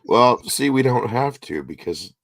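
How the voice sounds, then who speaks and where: A man co-hosting a casual podcast, cracking deadpan jokes. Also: medium pitch, measured pace, vocal fry, no echo, clean studio sound. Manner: joking, deadpan wisecracks. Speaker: podcast co-host.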